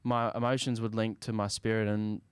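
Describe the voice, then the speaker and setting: A young Australian man, a musician guest, talking casually in an interview in a laid-back, soft-spoken way that often trails off. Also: on the low side, little pitch movement, moderate pace, clear, resonant tone, dry recording.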